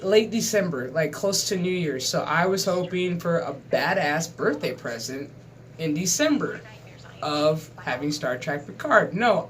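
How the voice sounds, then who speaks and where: A man's voice: sits high, fairly bright tone, a little hiss or hum. Profane, ranting man in his thirties. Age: 30s. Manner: profane, exasperated, emphatic. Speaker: gaming channel host. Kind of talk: casual ranting monologue.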